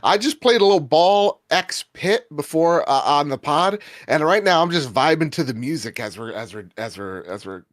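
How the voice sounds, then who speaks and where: A man's voice: on the high side, animated, normal speed, hardly any pauses, no room sound, studio quality. A tired man from New Jersey chatting casually as a podcast panelist, in a laid-back, rambling way. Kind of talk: casual chat.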